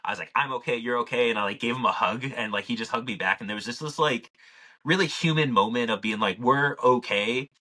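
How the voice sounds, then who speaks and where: A man's voice: medium pitch, quick pace, pushed and bright. A man co-hosting a podcast, telling a story in a loose, rambling way, full of "like" and casual swearing. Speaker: podcast co-host.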